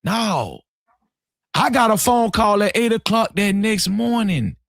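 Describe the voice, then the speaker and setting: Lively, high-voiced man telling a story. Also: slow, creaky, dry recording, clean studio sound. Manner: animated, profane, repeats himself. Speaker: live stream guest storyteller. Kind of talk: casual live stream storytelling.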